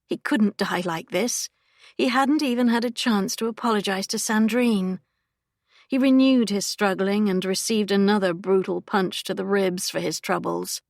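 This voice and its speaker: A woman narrating an audiobook in a steady, even storytelling manner. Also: medium pitch, moderate pace, gravelly, no echo, clean studio sound.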